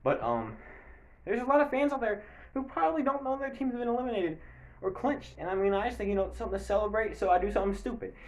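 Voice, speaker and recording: A sports video creator with a high-sitting voice talks fast and very animatedly in an echoey room. He rambles casually through a sports recap to camera, breaking into bursts of mock play-by-play hype.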